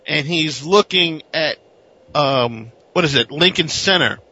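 Animated bright-voiced man, lo-fi recording. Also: fairly high pitch, unhurried, husky. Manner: animated, acts out characters in silly voices, laughs. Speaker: comic book podcast co-host. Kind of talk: casual comic recap. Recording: dull lo-fi recording.

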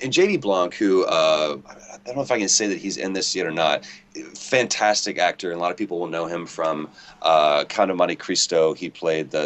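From a house near an airport, with planes faintly audible, a man gives a relaxed internet-call interview full of rambling, self-mocking jokes. His voice is deep with a fairly bright tone.

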